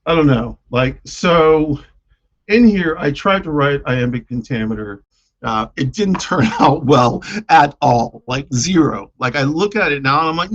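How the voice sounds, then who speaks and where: A man's voice: medium pitch, lively intonation, moderate pace, fairly bright tone, muffled recording. A man chatting casually on a live stream about his own poems, hesitant and self-deprecating, with lots of fillers.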